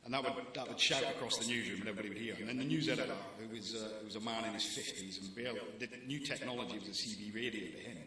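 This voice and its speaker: A newspaper editor in his forties gives a talk to students, wry and gently self-mocking. His voice is low with a bright, forceful edge. It echoes heavily around a large hall with a faint hiss. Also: racing, few pauses.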